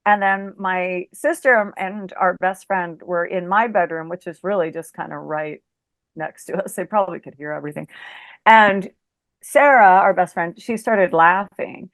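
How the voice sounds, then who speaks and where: With a lowish, slightly bright voice and no room sound, a middle-aged woman talks at moderate pace as an interview guest. Chatting casually, she tells a story peppered with "like" and "you know," performing the lines she quotes.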